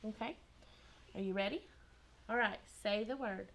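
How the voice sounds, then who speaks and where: A woman's voice: medium pitch, normal speed, fairly bright tone, a little hiss or hum. Patient, encouraging kindergarten teacher woman. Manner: patient, encouraging, asks many prompting questions. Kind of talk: teaching a class of young children. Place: kindergarten classroom.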